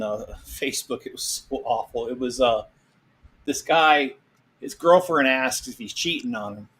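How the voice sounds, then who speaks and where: A man's voice: mid-range voice, fairly bright tone, husky. A man on a casual stream who tells jokes and stories with frequent fillers. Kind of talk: casual chat, telling jokes.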